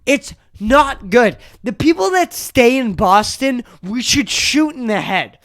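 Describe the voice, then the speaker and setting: Young podcaster ranting solo, swearing a lot, voice jumping all over, slow drawn-out delivery. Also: mid-range voice, expressive. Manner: angry, profane, ranting, shouts at times. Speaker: podcast host.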